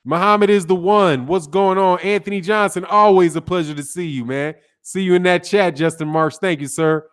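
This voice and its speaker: A young man hosts a morning boxing live stream, calling out viewers one by one in an easy, laid-back drawl. He caps nearly every sentence with "man." His voice sits higher than most men's. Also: moderate pace, hardly any pauses, clear, resonant tone. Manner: laid-back, says "man" constantly, shouting out names. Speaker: boxing YouTube host. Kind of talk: casual live-stream chat greeting viewers.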